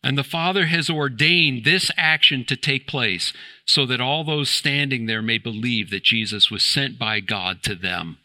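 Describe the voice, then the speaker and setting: A man's voice: mid-range voice, unhurried, pushed and bright. A man preaching a sermon in church, emphatic and fond of rhetorical questions, building to exclamations. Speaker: pastor.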